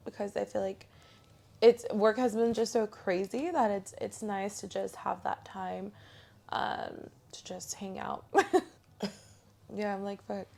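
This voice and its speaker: A woman co-hosting a podcast in easygoing chat, upbeat and quick to laugh. Her mid-pitched voice carries a lot of vocal fry, and she sounds slightly congested. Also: a little mellow. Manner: upbeat, laughs easily, many fillers. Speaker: podcast co-host. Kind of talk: casual chat.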